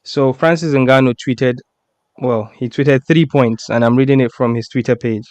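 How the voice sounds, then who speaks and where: A man hosts a casual live stream, talking and reading posts aloud with frequent laughter. His voice is smooth and resonant at an ordinary pitch. The sound is dry and close. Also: steady tone, normal speed, a little mellow, no room sound. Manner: laughs often, reads tweets aloud. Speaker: podcast host.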